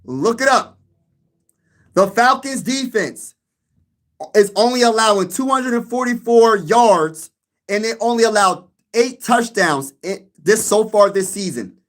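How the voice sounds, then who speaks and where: A man's voice: high voice, expressive, measured pace, fairly bright tone. A man hosting his own sports channel, talking casually to his viewers, repeating himself and laughing at his own jokes. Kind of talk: casual sports vlog chat.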